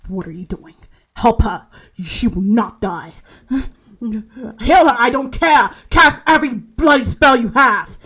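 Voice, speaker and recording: A woman's voice: a little high, animated, slow, a bit bright, slightly rough, heavily acted. A woman voicing a grieving lord who gives curt, barked orders to his healers. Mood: commanding.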